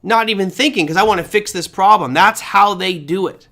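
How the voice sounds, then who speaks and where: In a high, fairly quick voice, this man hosts a live crypto trading class online. He shares his screen and reads out comments from viewers in an energetic, chatty way.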